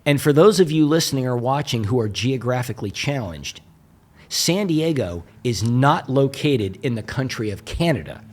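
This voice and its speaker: This is a medium-pitched male voice at normal speed: an American motivational speaker telling a funny story. He stays animated, cracks jokes, and keeps turning aside to address the audience.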